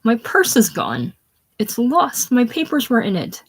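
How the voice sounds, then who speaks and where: A woman reading the lines of a faded, weary courtesan, with plaintive, soft-spoken delivery. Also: low voice, normal speed.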